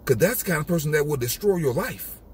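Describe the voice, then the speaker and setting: A man's voice: fairly high pitch, animated, fast talker, husky. A man giving an emphatic, repetitive motivational monologue in a casual street style. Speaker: motivational speaker.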